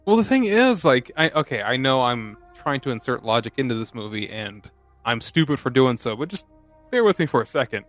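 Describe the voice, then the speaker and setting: A man co-hosting a casual movie podcast, talking animatedly, laughing often and breaking into loud impressions of characters. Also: medium pitch, big pitch swings, brisk, faint music behind. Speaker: podcast co-host.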